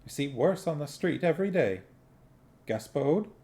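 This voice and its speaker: A man voicing a brisk, practical young woman in the city watch. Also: a little high, lively intonation, mellow, pitched above the performer's own voice. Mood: matter-of-fact.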